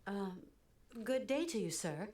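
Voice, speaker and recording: Kate Walker, a poised American traveler. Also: female voice, mid-range voice, big pitch swings, unhurried, darkish tone. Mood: polite. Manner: polite, composed, inquisitive. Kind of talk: video game voice acting.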